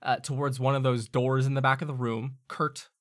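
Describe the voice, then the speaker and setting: A man's voice: mid-range voice, level tone, normal speed. A man narrating as game master, describing scenes with frequent hesitations.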